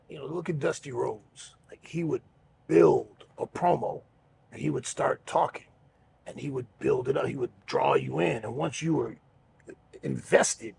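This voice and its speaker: Gravelly-voiced man telling wrestling stories. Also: mid-range voice. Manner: relaxed, rambling, swears freely, many fillers. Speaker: podcast host and pro wrestler. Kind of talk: casual storytelling chat.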